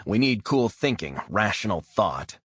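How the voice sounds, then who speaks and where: A man's voice: fairly low pitch, sing-song, measured pace, a bit bright, breathy edge, no echo, studio quality, voice pushed up, exaggerated voice. A man voicing a stern male bureau director who speaks curtly and with rigid authority. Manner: authoritative, curt, by-the-book.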